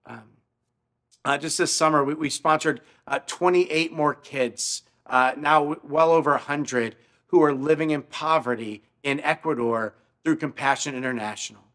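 A man's voice: a little high, moderate pace, a bit bright. A male pastor telling a story in a sermon, earnest, often repeating his words as he speaks. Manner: stammering repetitions, earnest.

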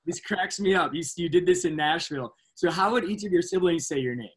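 A man's voice: on the high side, brisk, husky. A man, a physician hosting an interview, asking playful and upbeat questions. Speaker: host, physician.

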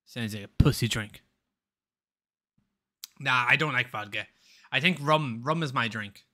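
Man, live streamer, casual chatter, laughs a lot, loose swearing, sharp bright tone, middle pitch. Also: a little slow. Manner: rambling and swearing, laughs often.

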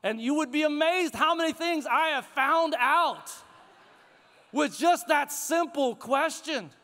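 A middle-aged male pastor preaching a sermon to his congregation in a church sanctuary, in a conversational, animated way with chuckles. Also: very high voice, takes it slowly. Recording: long hall reverb.

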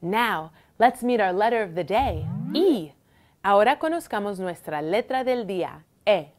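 A woman hosting a bilingual children's lesson, speaking in an encouraging sing-song way. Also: mid-range voice. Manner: slow, lively, encouraging sing-song delivery. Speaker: children's teacher host.

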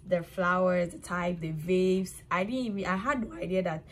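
A woman's voice: fairly low pitch, steady tone, normal speed, a little hiss or hum. A woman vlogging to a handheld phone, chatty and laughing often, tired and cold from the winter. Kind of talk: casual vlog talk to camera. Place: outdoors in winter streets, later at home.

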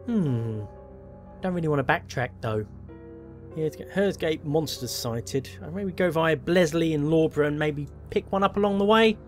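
A man's voice: fairly high pitch, moderate pace. A man playing a horror game and commenting on it, wry and self-mocking as he thinks aloud. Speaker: gameplay commentator. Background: faint game music.

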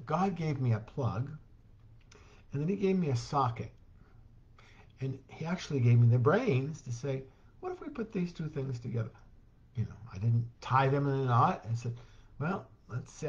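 Man telling a lively chaplaincy story. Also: medium pitch, lo-fi sound. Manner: animated storyteller who acts out quoted voices with chuckles. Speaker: hospital chaplain volunteer sharing a story in a church talk. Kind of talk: conversational church talk, storytelling.

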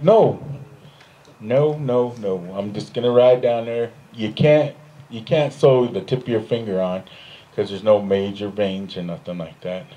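A man doing stand-up comedy, telling a long story on stage and jumping into high, put-on voices for the other people in it. He laughs often at his own jokes. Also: dark tone, lo-fi sound. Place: stage in front of a live audience.

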